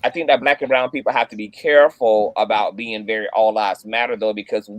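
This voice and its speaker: A man's voice: on the low side, steady tone, a little fast, dry recording, lo-fi sound. Emphatic man hosting a discussion. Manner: emphatic, builds to loud passionate peaks. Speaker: host. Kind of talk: casual discussion.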